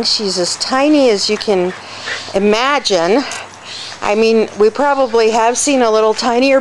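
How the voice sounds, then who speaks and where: Woman rescue volunteer, slow and affectionate, calls the dogs in a high sing-song, noisy home recording with dogs barking. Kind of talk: casual video tour introducing dogs. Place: indoors at home among many dogs.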